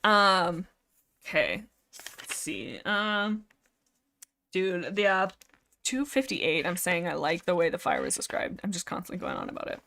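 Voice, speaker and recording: A woman chats on a casual livestream, gushing about a book series she loves. Her talk rambles, full of fillers and quick restarts. Now and then she slows down to read a passage aloud before jumping back into her own comments. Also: on the low side, huge pitch swings, creaky, bright, forceful tone.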